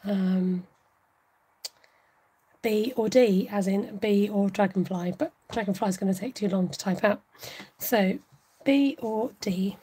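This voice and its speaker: A woman hosting a casual livestream craft tutorial, chatting warmly with viewers and laughing often. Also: mid-range voice, slow, pauses often, a little hiss or hum, poor audio. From United Kingdom. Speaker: craft channel host.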